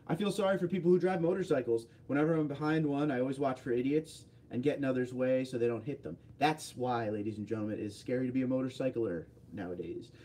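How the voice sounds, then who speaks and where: A man's voice: medium pitch, quick pace, hardly any pauses, mellow. A man hosting a casual livestream, reading viewer comments aloud and answering them offhandedly. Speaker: livestream host.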